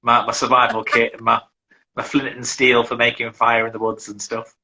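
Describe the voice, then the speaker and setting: A middle-aged man from England talks casually as an interview guest, rambling and tripping over his words as he restarts. His voice is bright and forward, and his pitch sits in an ordinary middle range. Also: little pitch movement, moderate pace, poor audio. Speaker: guest, survival instructor.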